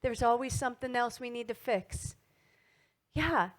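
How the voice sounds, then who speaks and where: A middle-aged woman giving a motivational wellness talk to an audience, animated and asking frequent tag questions. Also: a little high, a little slow. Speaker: wellness speaker.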